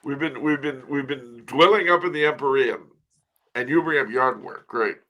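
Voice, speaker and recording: A man's voice: medium pitch, normal speed, crowd noise. An older man on a call, a guest telling wry anecdotes in a courtly manner. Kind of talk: casual chat, telling jokes.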